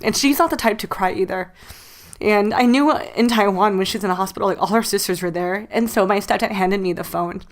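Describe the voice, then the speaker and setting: A woman's voice: medium pitch, fairly quick. A woman in her late twenties, a podcast co-host, telling a personal story while crying, talking loosely with many fillers. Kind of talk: casual chat.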